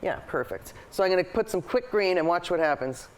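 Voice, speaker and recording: A woman's voice: fairly low pitch, expressive, brisk. Chatty woman teaching a painting demo. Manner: chatty, enthusiastic, thinks aloud while painting. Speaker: painting show host and art teacher. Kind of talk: live painting demonstration.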